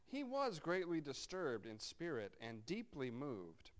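A man's voice: fairly high pitch, huge pitch swings, measured pace. Man preaching a conversational sermon. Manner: conversational, wry asides while reading scripture. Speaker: pastor.

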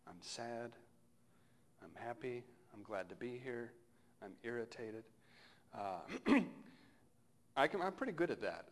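A male pastor giving a sermon in a relaxed, conversational way, often trailing off softly at the ends of phrases. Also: medium pitch, a little hiss or hum. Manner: conversational, reflective, often dropping to a soft close.

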